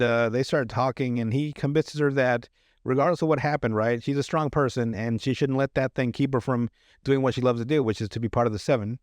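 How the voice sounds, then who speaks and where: A man's voice: medium pitch, no echo, clean studio sound. A man hosting a podcast, casually recapping a TV episode, rambling with lots of fillers and restarts. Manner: rambling with many fillers and restarts, laughs often. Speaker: podcast host.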